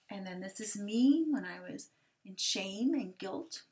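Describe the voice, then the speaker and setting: A woman in her forties giving a personal testimony talk for a ministry, gentle and halting, with hesitant restarts. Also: medium pitch, animated. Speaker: ministry speaker sharing testimony.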